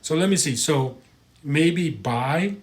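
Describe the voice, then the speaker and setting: A man's voice: a little high, lively intonation, takes it slowly. An American man hosting a live stream, chatting casually, reading viewer comments and stumbling over pronunciations.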